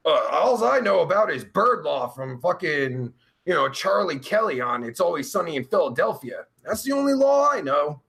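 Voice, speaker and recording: A man's voice: on the high side, sing-song, moderate pace, creaky, fairly bright tone. A man hosting his live show alone at home, reading the chat and ranting in a profane, rambling, laughing way. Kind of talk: casual live-stream chat.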